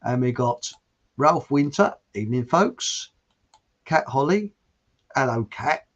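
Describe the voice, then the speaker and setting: A man's voice: medium pitch, animated, slow. Rambling, chatty male stream host. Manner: rambling and chatty, loose restarts, chuckles. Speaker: livestream show host. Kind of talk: casual chat, reading out viewer comments. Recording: dull lo-fi stream audio.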